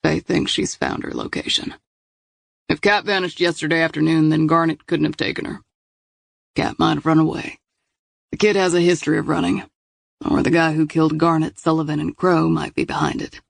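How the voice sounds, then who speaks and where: Audiobook: deliberate male detective, gravelly, slightly higher voice, performed by a man. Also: little pitch movement, no echo, clean studio sound. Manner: measured, deliberate case reasoning. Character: male investigator reasoning through a case. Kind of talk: audiobook dialogue reading.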